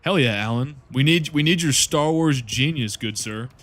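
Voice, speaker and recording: Dude streaming a video game, loose rambly talk, cursing and laughing with chat, average-pitched voice. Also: male voice, moderate pace, a bit bright. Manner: rambling, laid-back, swears casually and laughs often. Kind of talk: casual live-stream chat while gaming.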